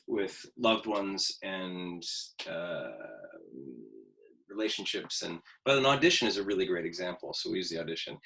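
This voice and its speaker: In a rough recording, a man in his fifties speaks with a fairly low, slightly bright voice. He's an acting teacher chatting casually before class, candid with his students, swearing freely and voicing his own inner monologue with self-mocking humor.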